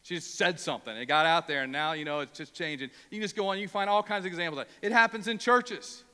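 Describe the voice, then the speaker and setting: A man's voice: on the high side, quick pace, sharp tone, clear, resonant tone, big-room sound. A male pastor from Ohio preaching a sermon, emphatic and prone to repeating words when worked up.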